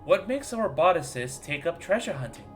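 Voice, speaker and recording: A man streaming a video game, thinking out loud in a chatty, self-mocking way. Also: on the high side, very animated, fairly quick. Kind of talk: casual let's-play commentary. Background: game music.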